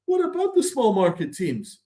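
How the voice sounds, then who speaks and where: A man's voice: high voice, huge pitch swings, normal speed, mellow, roomy sound, voice pushed up. A man mocking a whiny rich team owner. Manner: mocking, self-pitying. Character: whiny wealthy middle-aged male team owner.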